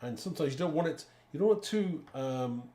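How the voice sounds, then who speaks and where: A man's voice: on the high side, lively intonation, fairly quick, mellow. A man hosting a live card-making demonstration, chatting to viewers as he works. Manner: chatty, talks to viewers while working. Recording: echoey room with faint background noise.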